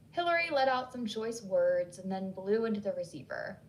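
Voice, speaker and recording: A woman narrating a horror story in a measured, scripted reading. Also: medium pitch, animated, a little mellow, slight background noise, low-quality recording.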